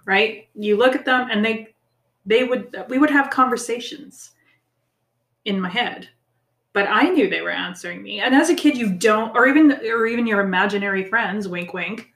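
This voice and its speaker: A woman co-hosting a casual chat, animated and encouraging, swearing freely. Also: a little high, normal speed. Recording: echoey room.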